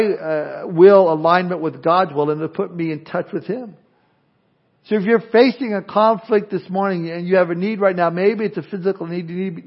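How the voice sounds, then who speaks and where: Gravelly high-voiced preacher man. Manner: earnest, with rhetorical questions and folksy humor. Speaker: pastor. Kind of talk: sermon. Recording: dull lo-fi sermon audio.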